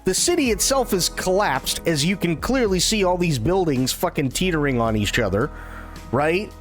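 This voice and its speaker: An irreverent man on a live stream retells a film with lots of swearing and sarcasm. His voice sits fairly high and swings widely in pitch, with faint music underneath. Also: animated, moderate pace.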